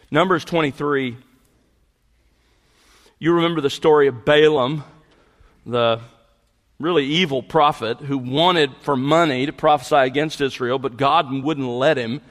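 Emphatic male preacher in a reverberant hall. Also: medium pitch. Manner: expository preaching with rising emphatic peaks. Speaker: pastor. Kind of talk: sermon.

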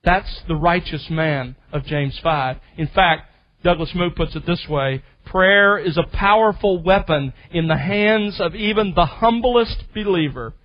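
A man with a high voice preaches an expository sermon to his congregation. He teaches with emphasis and slows down to stress the key phrases. The recording sounds muffled and lo-fi. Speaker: pastor.

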